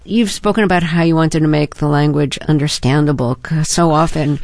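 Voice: mid-range voice, fairly even intonation, moderate pace, a little mellow. An interviewer with a mid-range voice leads long, rambling questions full of ums and likes. The sound is dry and close-miked, with no room echo. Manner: conversational, many ums and likes. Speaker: interview host.

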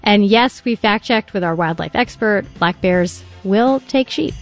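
A woman's voice: medium pitch, animated, a little slow, faint music behind. A woman hosting a radio show, reading links in a friendly way.

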